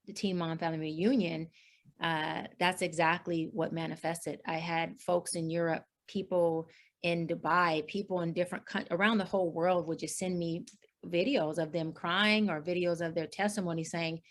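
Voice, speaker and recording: A middle-aged woman speaking as a life coach in an interview, earnest and expressive, with many fillers and restarts, and she acts out other people's words in lively voices. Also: on the low side, moderate pace. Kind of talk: interview, personal storytelling.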